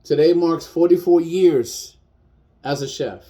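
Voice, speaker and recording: A man's voice: on the high side, unhurried, warm tone. A man in his fifties, a chef, speaking bluntly and defiantly in a personal video rant, repeating his points for emphasis. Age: 50s.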